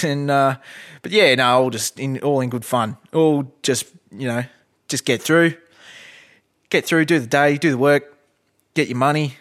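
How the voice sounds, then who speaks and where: A man's voice: medium pitch, measured pace, fairly bright tone. A man with an Australian accent rambling through a comedic podcast monologue, blunt and profane with lots of fillers.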